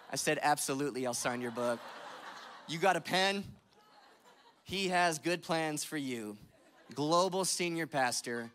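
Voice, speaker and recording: A pastor in his thirties delivering a sermon, telling stories with self-mocking humor and dropping to a hushed voice when he prays. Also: fairly high pitch, slight background noise. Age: 30s. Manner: drops to a soft, hushed voice in prayer.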